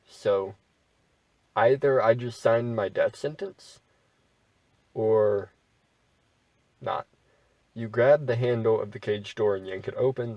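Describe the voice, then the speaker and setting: Male gamer narrating a text adventure, slow unhurried delivery, dry close voice, wry asides. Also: on the low side, darkish tone, dry recording, far from the mic, poor audio. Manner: wry, bemused asides between read-out passages. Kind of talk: reading game text aloud with commentary.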